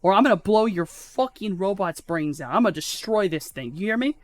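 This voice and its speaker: A game master voicing a furious armed male gang captain who yells threats. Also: medium pitch, expressive, brisk, dry recording, lightly acted. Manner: yelling threats.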